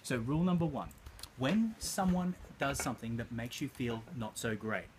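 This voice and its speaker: A man's voice: medium pitch, moderate pace. A male life coach in a motivational talk. He tells a story and addresses listeners directly. His voice sits mid-range, and faint background noise runs underneath.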